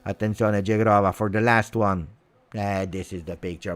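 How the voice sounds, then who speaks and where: A man with an Italian accent rants angrily during a live football watch-along. His voice sits fairly low, and he hammers the same words over and over as he vents. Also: fairly even intonation, moderate pace. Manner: angry, repetitive ranting. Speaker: fan channel host.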